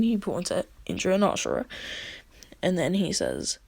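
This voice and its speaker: A woman casually retelling a fan story in a rambling way, with fillers and hushed asides. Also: fairly low pitch, huge pitch swings, moderate pace, creaky, slightly rough, no room sound.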